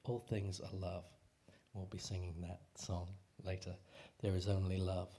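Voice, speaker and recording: Slow, easygoing man giving a casual sermon. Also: low-pitched, husky. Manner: relaxed and joking, with filler sounds and restarts. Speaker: speaker at a spiritual community service.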